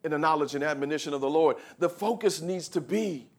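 A fiery preacher delivering a sermon, a man with a somewhat high voice. He drops to near-murmurs, then climbs to ringing, shouted peaks. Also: a little fast. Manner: preaching with big swings from soft to shouting. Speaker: pastor.

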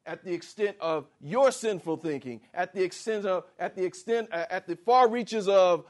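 In this sermon, a male preacher moves from thundering statements to fast, whispered asides and back again. Along the way he asks the congregation questions and dramatizes inner voices.

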